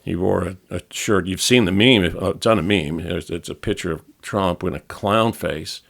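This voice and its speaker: Deep gravelly guy rambling thru travel stories on a podcast, keeps restarting sentences. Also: normal speed, a bit bright. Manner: rambling storyteller, restarts and self-corrections. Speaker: podcast co-host back from travel. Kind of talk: casual chat. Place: studio.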